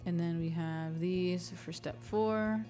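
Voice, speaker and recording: A woman's voice: fairly low pitch, fairly even intonation, slow, warm tone. A woman streamer in casual chat, laughing often and swearing casually. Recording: distant mic with faint music.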